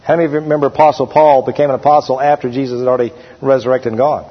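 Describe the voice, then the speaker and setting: A middle-aged man preaching a sermon as pastor, slowing down and stressing the scripture verses he reads aloud. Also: medium pitch, steady tone. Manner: preaching with slowed, emphatic scripture reading. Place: church sanctuary. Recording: dull, hall-echoed church recording.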